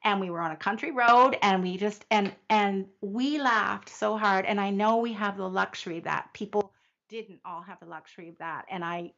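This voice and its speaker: An older woman talks slowly and reflectively, often starting a thought over before she finishes it. Her voice has a gravelly fry to it. The sound is dull and lo-fi, like audio from a video call. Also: medium pitch. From Canada. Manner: reflective, halting, often restarts and laughs softly. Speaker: guest. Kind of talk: heartfelt conversational interview.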